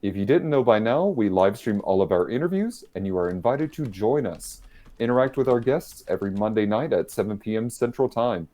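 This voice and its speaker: Here the host sounds fairly low and dark-toned, speaking expressively and fairly quickly. He's running a casual livestream podcast over a video call, joking at his own expense and laughing a lot.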